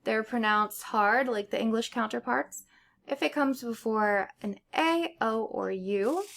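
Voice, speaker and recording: Young woman teaching spanish pronunciation, kinda high voice, slow, step by step. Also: creaky, fairly bright tone. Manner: explains step by step with examples. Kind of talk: casual pronunciation lesson.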